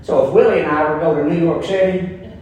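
A man's voice: fairly high pitch, fast, a little mellow, a little hiss or hum. A man with a Kentucky twang preaching a sermon as pastor, folksy and emphatic, telling stories to make his points. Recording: echoey room, voice picked up from a distance.

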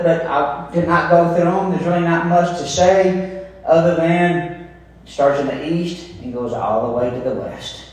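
A man's voice: a little high, darkish tone, a little hiss or hum. A man with a Kentucky twang preaching a sermon as pastor, folksy and emphatic, telling stories to make his points. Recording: echoey room, voice picked up from a distance.

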